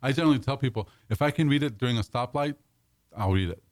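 Male host, quick talker, rambling, self-correcting, dry close sound. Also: mid-range voice, no echo. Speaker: radio show host. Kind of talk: casual talk show chat.

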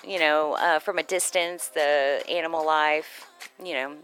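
A woman's voice: deep voice, fairly even intonation, measured pace, fairly bright tone, faint music behind, rough recording. A woman co-hosting a casual chat, playful and jokey, laughing often. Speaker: co-host.

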